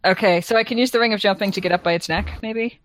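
A woman's voice: medium pitch, fast talker, no echo. A woman playing a tabletop game in an easygoing, giggly way. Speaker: player. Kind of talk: casual tabletop game play.

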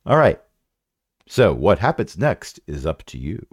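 Man, game master, low voice, very lively pitch, wry rambling, dry sound. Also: unhurried, husky, no room sound. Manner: rambling, self-correcting, wry. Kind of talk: narrating a tabletop game.

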